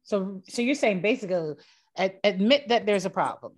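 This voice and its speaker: A woman co-hosting a casual chat, lively and quick to laugh, often asking follow-up questions. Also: mid-range voice.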